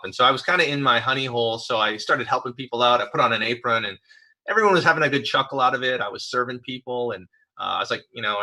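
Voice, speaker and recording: A man pastor giving a conversational sermon, telling personal stories in a relaxed, hesitant way with many fillers and restarts. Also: mid-range voice, poor audio.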